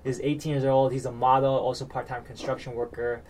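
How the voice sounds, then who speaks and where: A man's voice: medium pitch, flat delivery, brisk, a crowd in the background. A man from the United States chatting casually, rambling with lots of fillers and restarts and getting worked up as he recaps a reality show.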